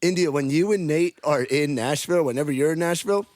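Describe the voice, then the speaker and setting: A man's voice: fairly high pitch, quick pace, a little mellow, no room sound, studio quality. A man hosting a podcast, chatting and joking in an upbeat way. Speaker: podcast host. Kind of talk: casual chat.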